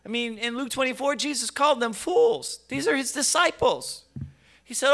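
High, bright-voiced preacher man. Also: normal speed. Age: middle-aged. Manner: stammering restarts, rising to emphatic bursts. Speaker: pastor. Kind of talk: conversational sermon.

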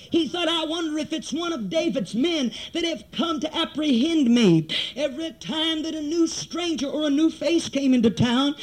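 Guy preaching a sermon, really high voice for a man, acts out the story and works up to fervent calls. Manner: dramatic storytelling, building to fervent exhortation. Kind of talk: revival sermon.

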